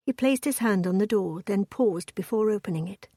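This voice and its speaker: A woman narrating a period romance audiobook in an even, measured storytelling voice. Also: medium pitch, slightly rough, dry recording, clean studio sound.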